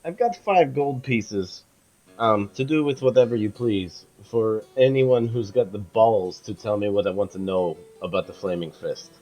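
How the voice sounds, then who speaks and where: A blunt, tough adventurer woman, as a man at the gaming table puts her on speaks slowly and low, pressing for answers. His natural voice sits lowish, and soft music plays behind. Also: steady tone, natural voice. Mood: challenging.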